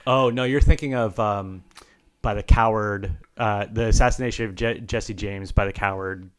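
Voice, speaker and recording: A man co-hosting a podcast, telling a story in relaxed, dry casual chat with casual swearing. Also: on the low side, moderate pace, smooth. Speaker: podcast co-host.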